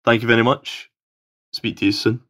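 A man's voice: medium pitch, level tone, normal speed, fairly bright tone. A Scottish man from Scotland leaving an enthusiastic, rambling call-in question for a podcast. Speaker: caller. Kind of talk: recorded voicemail question.

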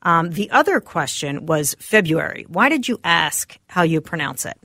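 A woman's voice: deep voice, sing-song, normal speed, sharp tone, no room sound. A woman co-hosting a radio show, chatting casually in the studio and reading answers aloud from her phone.

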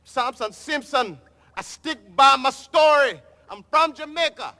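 A man's voice: very high-pitched, lively intonation, a little slow, sharp tone, exaggerated voice. An actor playing a stubborn man who insists he is Jamaican, speaking in a put-on lilting island accent, in a film clip. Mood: insistent. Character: fast-talking man posing as a Jamaican, stubborn. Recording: film audio with long reverb.

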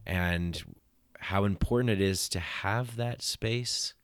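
A man's voice: fairly low pitch, slow. A man hosting a podcast, talking in an earnest, reflective way in casual conversation. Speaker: podcast host.

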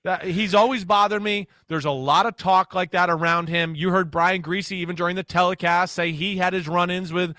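Bright high-voiced man telling stories. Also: moderate pace, few pauses, no echo, clean studio sound. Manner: animated storyteller who acts out quotes. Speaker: guest analyst, former NFL quarterback. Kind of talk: radio sports talk.

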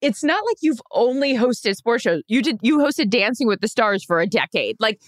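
A woman's voice: on the high side, lively intonation, moderate pace, no echo, clean studio sound. Chatty, reassuring woman co-host. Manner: reassuring, chatty, laughs along. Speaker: podcast co-host. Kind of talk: casual chat.

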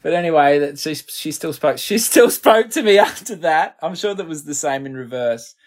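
A man's voice: a little high, expressive, moderate pace. Aussie guy in his middle years rambling through old band stories, self-deprecating, casual. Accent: Australian. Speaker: guest musician. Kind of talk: casual storytelling interview.

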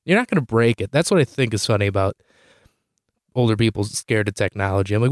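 A young man hosting a podcast, telling a comic story in a rambling, animated way, swearing freely and jumping high in pitch when he quotes himself. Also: fast talker, no echo, studio quality. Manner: rambling with many "like" fillers and restarts. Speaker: podcast host. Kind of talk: comedic storytelling monologue.

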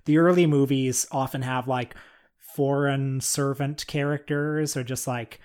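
A man co-hosting a film podcast, explaining and framing topics in a measured, casual way. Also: mid-range voice, steady tone, a little mellow, clear, resonant tone. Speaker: podcast co-host.

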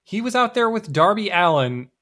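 Male podcast co-host, bright forceful voice, wry and sardonic, casual chat. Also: high-pitched, sing-song, normal speed.

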